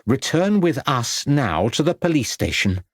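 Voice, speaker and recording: A man's voice: mid-range voice, very animated, a little slow, breathy edge, no room sound, studio quality. A man voicing a frantic young woman who pleads and cries out in despair. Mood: pleading. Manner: anguished, pleading.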